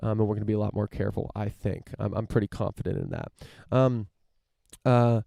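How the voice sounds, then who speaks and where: A man's voice: on the low side, steady tone, brisk, vocal fry, dark tone, dry recording, studio quality. A young man hosting a podcast, rambling through a casual profane rant with lots of restarts and fillers. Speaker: podcast host.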